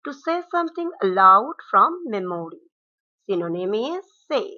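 A woman teacher, reading out English words and their meanings slide by slide in a measured classroom cadence. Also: mid-range voice, very animated. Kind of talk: slide-based vocabulary lesson. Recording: dull lo-fi recording.

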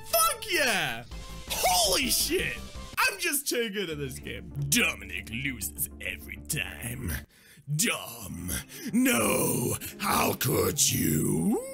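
A young man doing lively Let's Play commentary, excitable and swearing as he plays. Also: medium pitch, slow pace, creaky, music in the background. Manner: excitable, swearing, laughing, silly asides. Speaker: gaming YouTuber.

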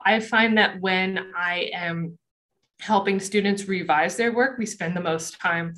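A woman's voice: medium pitch, a bit bright. A young adult woman presenting a college essay workshop in a conversational, emphatic way, with many fillers and asides.

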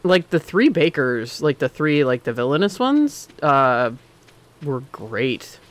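A man streaming a game, chatting casually and opinionated, swinging between excited outbursts and muttering. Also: a little high, slow pace. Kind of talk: casual gameplay commentary.

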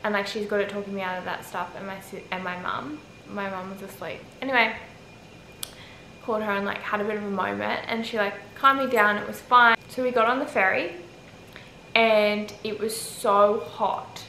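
A woman's voice: medium pitch, normal speed, creaky. A young Australian woman telling a travel story to camera in a rambling, chatty way, filling her speech with "like". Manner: rambling, heavy use of "like", animated retelling. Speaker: travel vlogger. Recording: echoey with faint ambient noise.

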